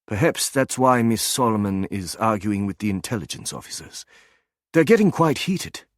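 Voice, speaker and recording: A man voicing a composed young German academic doctor with a soft German accent, in an audiobook. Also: on the low side, sing-song, moderate pace, no room sound, clean studio sound.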